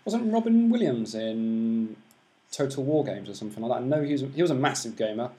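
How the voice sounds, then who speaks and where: A man's voice: mid-range voice, animated, brisk, mellow, a little hiss or hum. Male podcast co-host, casual and jokey, blunt with swearing. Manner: swears freely, jokey and opinionated. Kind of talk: casual chat about video games.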